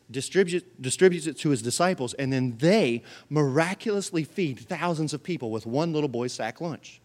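High-voiced pastor telling stories. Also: male voice. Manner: humorous, animated storytelling. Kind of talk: sermon.

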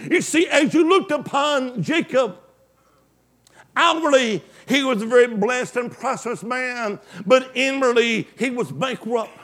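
A male preacher delivering an emphatic call-and-response sermon, swinging from loud exclamations to hushed asides. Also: very high-pitched, measured pace.

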